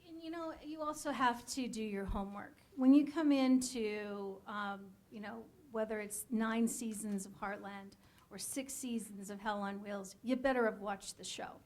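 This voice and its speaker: A woman's voice: mid-range voice, normal speed, few pauses, a little mellow. A woman casting director giving blunt, frank advice to actors in a panel talk, laughing now and then.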